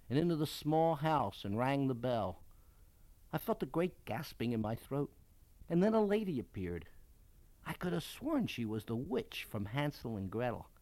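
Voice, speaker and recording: A man from Baltimore, a children's book author, reading his childhood memoir aloud with expressive, dramatic storytelling. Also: on the high side, no echo.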